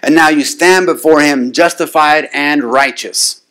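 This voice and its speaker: A man's voice: on the high side, unhurried, fairly bright tone. A man preaching a sermon, punctuating lines with "amen?" and building into insistent, repeated declarations. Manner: call-and-response, frequent "amen?" to the congregation; builds to rising, insistent repetition.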